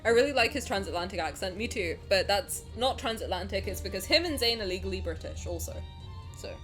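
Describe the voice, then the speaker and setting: A young woman from the American South, streaming and chatting casually with her viewers while reading a game story aloud, animated and quick to swear. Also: mid-range voice, faint music behind. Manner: chatty and animated, swears freely, laughs at herself.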